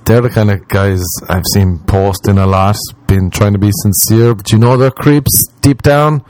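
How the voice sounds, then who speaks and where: A man's voice: fairly low pitch, normal speed, few pauses, a little mellow, a little hiss or hum. A man, a comedian ranting in a profane, exasperated way and mimicking the people he talks about. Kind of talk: rambling comic rant.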